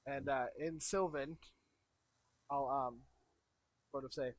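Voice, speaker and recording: A man's voice: medium pitch, fairly even intonation, takes it slowly, no echo. A man playing in a tabletop game, hesitant and full of filler words. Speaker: player. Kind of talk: casual tabletop game play.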